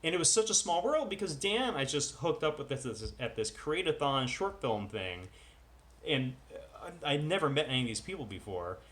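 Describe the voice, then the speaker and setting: A man's voice: on the high side, sing-song, normal speed, fairly bright tone. A man vlogging at home in casual chat, rambling and full of self-deprecating asides. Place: at home with dogs.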